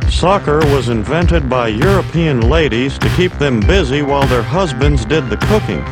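A man's voice: mid-range voice, lively intonation, moderate pace, natural voice. An actor playing a man giving his child a mock-serious lecture in a film clip. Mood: deadpan. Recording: film clip under loud music.

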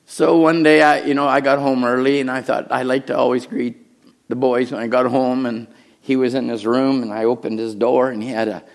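A middle-aged man preaching a sermon as pastor, telling a story with hushed asides and raised, urgent lines. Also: mid-range voice, level tone, brisk, gravelly. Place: church.

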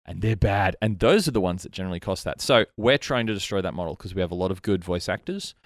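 Animated man, lively and low. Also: fast talker, no echo, studio quality. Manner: rambling and animated, trailing into mutters. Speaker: podcast host. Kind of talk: casual podcast chat. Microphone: studio mic.

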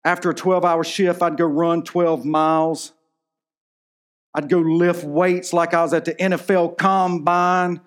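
A man's voice: on the high side, level tone, unhurried. A man in his thirties preaching a sermon in a church, telling a personal story in an earnest, emotional way. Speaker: pastor.

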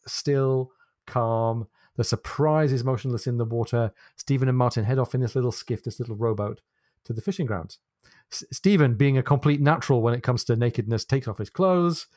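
A man on a book podcast, retelling a chapter in a measured, descriptive way with small hesitations. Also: mid-range voice, a little mellow, no room sound, studio quality. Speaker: podcast co-host.

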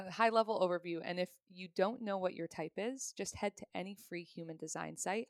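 A woman, likely in her thirties, appears as a podcast guest and human design reader, explaining ideas in a friendly, talkative way and laughing often in casual conversation. Her voice is on the low side and creaky, recorded with clean studio sound and no echo.

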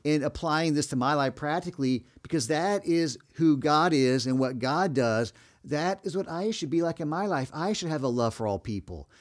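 A man co-hosting a Bible discussion, speaking in a steady, reflective, conversational way. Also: on the high side, normal speed. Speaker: co-host.

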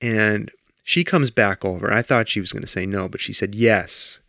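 Creaky-voiced man telling a story. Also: fairly low pitch, a little fast, no echo, clean studio sound. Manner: animated storytelling with acted-out quotes. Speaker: podcast co-host. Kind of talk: casual chat.

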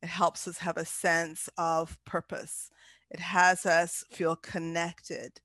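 A woman's voice: lowish voice, flat delivery, slow pace, a bit bright, no room sound. A woman speaking earnestly and from the heart as a podcast guest, with some fillers and restarts. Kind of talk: inspirational podcast talk.

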